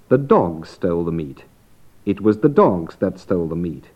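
Measured man teaching English. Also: fairly low pitch, sing-song. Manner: measured, explanatory. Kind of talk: scripted language lesson. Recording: dull lo-fi old lesson recording.

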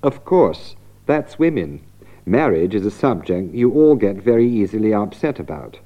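A man narrating a scripted language lesson, clear and deliberate, restating ideas for emphasis. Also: lowish voice, very animated, muffled recording. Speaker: narrator and presenter of an English lesson.

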